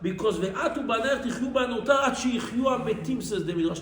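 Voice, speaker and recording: A man's voice: brisk, few pauses, echoey room, a little hiss or hum, rough recording. A man, a rabbi, telling a Torah story in non-native English mixed with Hebrew terms and crying out the characters' pleas. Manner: animated, cries out the widow's pleas in a high voice.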